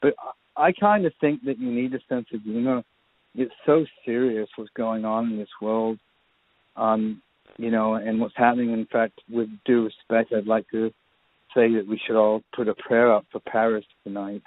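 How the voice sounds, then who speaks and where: A man's voice: on the low side, steady tone, moderate pace. A man, a filmmaker guest, telling rambling anecdotes in a casual interview. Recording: tinny phone line.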